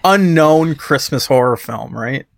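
A man's voice: a little high, lively intonation, measured pace, creaky, no room sound. Laid-back male co-host, dry sound. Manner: loose and casual, with many "like" fillers. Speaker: podcast co-host. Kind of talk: casual chat.

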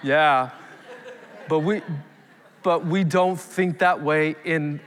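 A man's voice: fairly high pitch, steady tone, takes it slowly, fairly bright tone. A male pastor in his thirties preaching a live sermon, emphatic, with rising calls to the congregation. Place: church sanctuary. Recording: long hall reverb.

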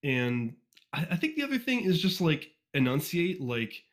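A man's voice: fairly high pitch, very animated. A man from Northeast Ohio, a guest on a podcast, chatting casually and informally with lots of fillers and restarts, recorded on a USB condenser microphone. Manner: fast-talking, informal, frequent fillers and restarts. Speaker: podcast guest, fan audiobook reader. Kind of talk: casual interview chat.

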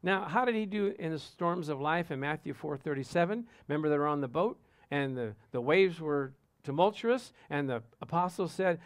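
A man's voice: on the high side, normal speed, no echo. A man preaching as a pastor, telling personal stories and calling out to the congregation for an amen. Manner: animated storytelling, asks congregation "Amen?".

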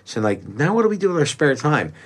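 A man co-hosting a casual chat, animated, rambling and swearing freely. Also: a little high, quick pace.

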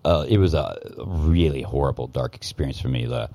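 A man's voice: rumbling low, fairly quick, mellow, slight background noise. A man telling a story in casual podcast talk, heated and profane, often restarting his sentences. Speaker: guest, former news cameraman.

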